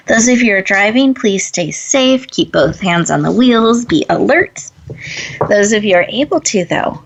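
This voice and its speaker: A woman hosting an inspirational talk, telling her story with earnest sincerity and then leading a calm breathing exercise. Her voice sits at an ordinary middle pitch. The recording sounds somewhat dull and lo-fi. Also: creaky. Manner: earnest storytelling, gentle slow instructions. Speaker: host.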